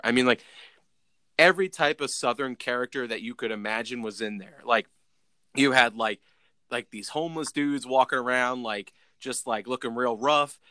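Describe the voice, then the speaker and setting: Young male podcast host, bright voice, dry close sound, casual rambling storyteller. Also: medium pitch, normal speed, no room sound. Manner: rambling, lots of "like" and restarts.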